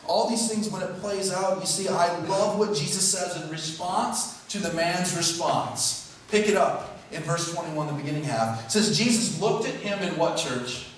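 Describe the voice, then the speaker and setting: A man's voice: sits high, moderate pace, recorded from a distance, a little hiss or hum. A male pastor preaching a sermon in a conversational way, full of rhetorical questions. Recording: very echoey hall, heard from afar.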